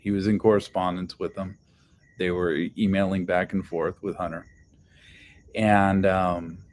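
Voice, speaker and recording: A man's voice: lowish voice, a little mellow. A man telling a story on a casual livestream, swearing heavily and rambling loosely with many restarts. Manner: profane, heated storytelling. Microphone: phone on livestream.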